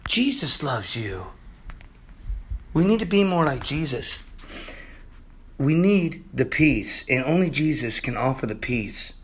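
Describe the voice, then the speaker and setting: A man preaching on his own program in an impassioned, pleading sermon, his voice going hoarse, with soft guitar music behind him. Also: unhurried. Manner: impassioned, pleading, swings from loud to low and intense. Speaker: preacher hosting a religious program.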